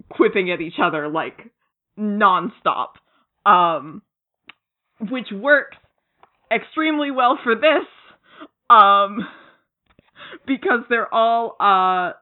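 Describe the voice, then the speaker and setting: A podcast co-host gushing about a comic in casual chat, rambling with lots of fillers and acting out characters' lines. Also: mid-range voice. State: giddy, laughing through words. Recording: tinny phone-like line.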